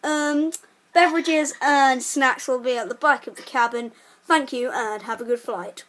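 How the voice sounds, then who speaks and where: A jokey airline cabin announcer, put on by a woman, in a high, bright voice. The delivery stays polite, full of little hesitations and stumbles through the formal lines. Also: measured pace. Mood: mock formal.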